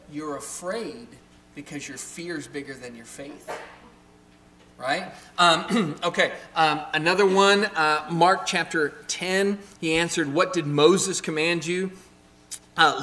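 High-voiced man teaching in an echoey room. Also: fairly bright tone. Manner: chatty, keeps checking in with the audience. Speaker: Bible teacher. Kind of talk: conversational Bible teaching to a group. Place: room with a live audience. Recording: roomy echo with faint hum.

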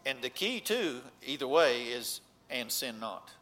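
A man preaching a sermon, earnest, rising to emphatic points and then dropping low. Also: very animated, unhurried, a bit bright.

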